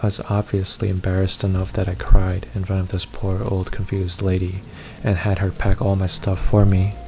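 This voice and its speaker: A man narrating a first-person horror story in a steady, measured reading. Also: deep voice, vocal fry, faint music behind.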